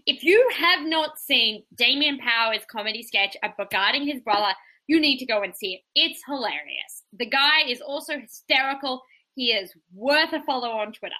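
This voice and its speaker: A woman's voice: high voice, animated, moderate pace, bright, forceful tone, rough recording. A woman, co-hosting a podcast in casual, rambling chat. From Australia. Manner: chatty, rambling, lots of "like". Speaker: podcast co-host.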